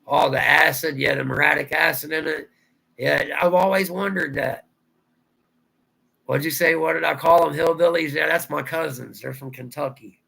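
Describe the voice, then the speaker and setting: Gravelly, raspy man with a Southern drawl. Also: a little high, fairly even intonation, normal speed, bright, forceful tone, low-quality recording. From Ohio, USA. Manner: rambling, answers viewer comments aloud. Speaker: livestream host. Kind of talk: casual livestream chat.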